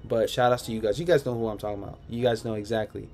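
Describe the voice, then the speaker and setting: A man's voice: lowish voice, steady tone, rapid-fire, darkish tone, faint music behind. A man hosting a casual livestream, reading viewer comments aloud and answering them in a laid-back, rambling way from home. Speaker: sneaker livestream host. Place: home room.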